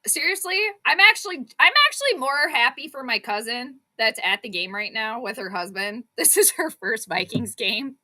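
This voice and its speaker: A young adult woman hosting a live sports stream, reacting to the game in an excitable, exclamatory, chatty way. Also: on the high side, normal speed, hardly any pauses. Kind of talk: live play-by-play reaction commentary.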